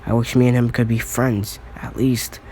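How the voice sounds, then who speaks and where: A man voicing a brash, hot-headed teenage boy hero who shouts and taunts cockily. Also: medium pitch, flat delivery, moderate pace, slight background noise, lightly acted. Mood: regretful. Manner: shouting, cocky.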